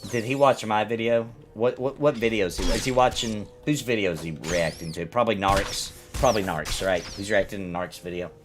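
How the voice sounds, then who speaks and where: A man's voice: lowish voice, brisk, few pauses, music in the background. A man chatting casually on a live game stream, rambling and ranting as he reacts to his chat.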